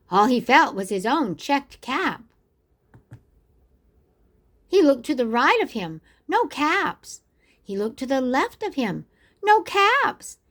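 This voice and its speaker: An older woman reading a picture book aloud to children, expressively, and pausing to ask the listener questions. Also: high voice, a bit bright. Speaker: storyteller.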